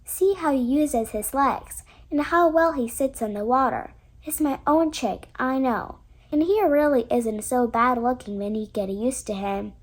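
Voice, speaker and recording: A woman reading as a brisk, fussy mother duck. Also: high voice. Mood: fussing.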